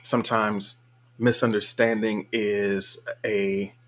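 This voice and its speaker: A man's voice: fairly low pitch, little pitch movement, slow, fairly bright tone. A man hosting a casual live stream, reading viewer comments aloud in a laid-back, colloquial way and chuckling often. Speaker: livestream host.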